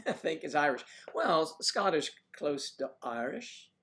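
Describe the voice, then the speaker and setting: Pitched on the high side and fairly bright, this man's voice is very animated yet a little slow. He's a Washington DC-area livestreamer with no marked accent who reads viewer comments, jokes, and teases the crowd.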